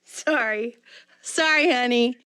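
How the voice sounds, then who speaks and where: A woman's voice: a little high, slow pace, pushed and bright, clear, resonant tone. A woman voice actor recording game dialogue, flubbing her lines, apologizing and giggling at herself. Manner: bubbly, apologetic, giggles at her own flubs.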